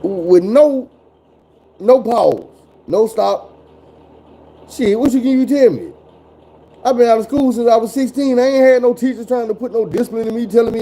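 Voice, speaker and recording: A man's voice: extremely high pitch, moderate pace, long pauses, mellow, poor audio. Blunt, cussing man in his forties. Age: 40s. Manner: profane, blunt, drawling storyteller. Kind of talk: casual storytelling chat.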